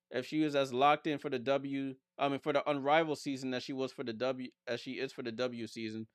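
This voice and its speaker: A man's voice: medium pitch, clear, resonant tone, no echo, clean studio sound. A man streaming a casual live watchalong, calling plays and answering viewer comments with blunt, teasing remarks. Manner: reads viewer comments aloud and answers them.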